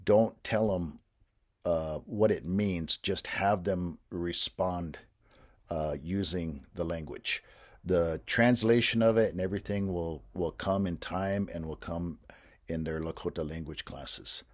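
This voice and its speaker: A man patiently explaining a language lesson to teachers in a measured, instructional way. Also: deep voice.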